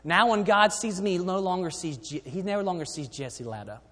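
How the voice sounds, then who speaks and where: A man preaching a sermon, often dropping to quiet emphasis and then rising again. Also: high-pitched, normal speed. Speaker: pastor. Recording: long hall reverb.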